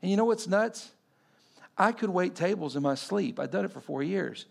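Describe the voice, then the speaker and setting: A man in his forties from Texas, preaching a sermon and telling a personal story, acting out the people he quotes and swinging between loud and hushed delivery. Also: sits high, lively intonation, normal speed, gravelly. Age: 40s. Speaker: pastor.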